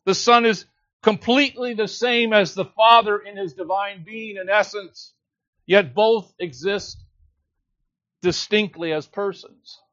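A man preaching a sermon, earnest and measured, teaching a scripture passage with emphatic quotes. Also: sits high, fairly bright tone, dry recording, muffled recording.

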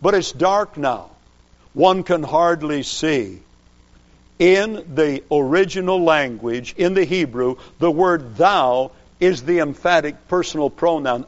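Man preaching real slow and deliberate, kinda dull old recording. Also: on the high side, lively intonation. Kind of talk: sermon.

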